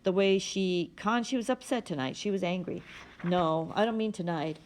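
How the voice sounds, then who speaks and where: A woman's voice: fairly low pitch, normal speed, darkish tone, lightly acted. A woman reading the lines of a worried, weary middle-aged father in an earnest, pressing way.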